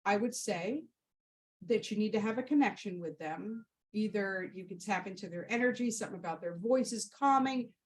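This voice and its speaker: A woman's voice: mid-range voice, normal speed, low-quality recording. Rambling, heartfelt woman podcaster. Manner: rambling and heartfelt, with many fillers and restarts. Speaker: Reiki practitioner and podcast host. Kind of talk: casual storytelling and Q&A.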